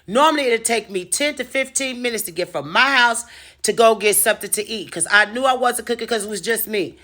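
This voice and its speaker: A woman telling a personal story to camera in a casual vlog, animated and freely cursing. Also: a little high, brisk. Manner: animated, profane, dramatic storyteller. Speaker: storytime vlogger.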